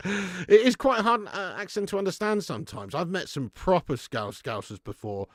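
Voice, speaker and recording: Chatty lively man hosting a fan stream. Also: high voice, moderate pace, no echo, studio quality. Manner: chatty, laughs often, puts on mock regional accents. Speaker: fan channel livestream host. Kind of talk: casual livestream chat reading comments.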